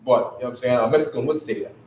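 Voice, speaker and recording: Rapid-fire and steady in tone, this man teaches a class in a medium-pitched, darkish voice, keeping his talk slangy and often asking "you know what I'm saying." An echoey room, a distant mic, and a little hiss or hum give the recording a dull lo-fi sound.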